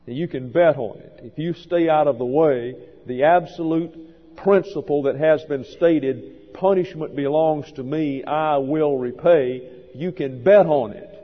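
A male pastor giving a measured, methodical verse-by-verse Bible teaching sermon in a church. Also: fairly high pitch. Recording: dull lo-fi sound with long hall reverb.

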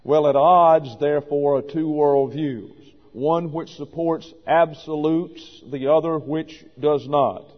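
An older male pastor gives a deliberate, point-by-point sermon in a somewhat higher voice. The sound is dull and muffled, and his words ring out with a long reverb, as if recorded from a large hall. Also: steady tone. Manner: measured, deliberate teaching delivery.

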